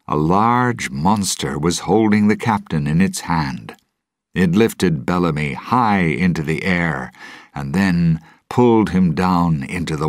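Brief: deep-voiced male narrator, slow and expressive storybook reading. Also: no room sound, clean studio sound.

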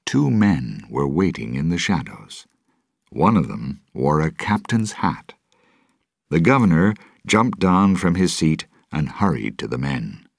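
A man reading a storybook adventure aloud in a measured, dramatic way. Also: a bass voice, sing-song, no room sound, clean studio sound. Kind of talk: storybook narration.

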